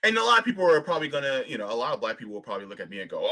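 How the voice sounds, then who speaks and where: A man's voice: medium pitch, sing-song, very fast, hardly any pauses, bright, forceful tone, poor audio. A man giving heated political commentary on a live stream, ranting, sarcastic, and full of rhetorical questions.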